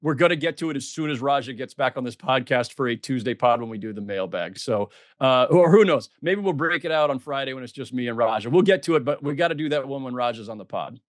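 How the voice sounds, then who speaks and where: A man's voice: mid-range voice, lively intonation, fast talker, dry recording, clean studio sound. A middle-aged man co-hosting a podcast, chatting casually and self-deprecatingly with lots of fillers and restarts. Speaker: podcast co-host.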